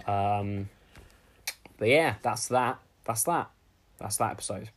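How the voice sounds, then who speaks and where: Rambling man co-hosting a comedy podcast. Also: fairly low pitch. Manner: rambling, halting, with many fillers. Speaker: podcast co-host. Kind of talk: casual comedy podcast chat.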